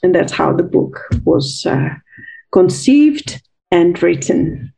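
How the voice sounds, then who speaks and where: A woman's voice: on the low side, big pitch swings, slow pace, vocal fry, warm tone. A woman from Italy, a guest author and coach recounting a personal story in an interview, earnest and reflective, repeating words as she searches for them.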